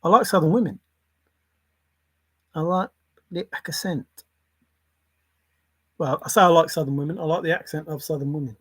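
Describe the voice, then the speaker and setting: A man's voice: on the high side, normal speed, pauses often, husky, dry recording. Playful rambling man, dry sound. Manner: playful, jumping between silly word associations. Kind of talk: rambling solo musing.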